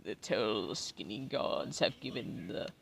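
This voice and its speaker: A pair of hungry farm horses squabbling over food, one pleading in a slow, drawn-out voice and the other refusing gruffly, as a tipsy man puts them on. The voices drop deep at times. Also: expressive, slight background noise, full character voice. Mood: bickering.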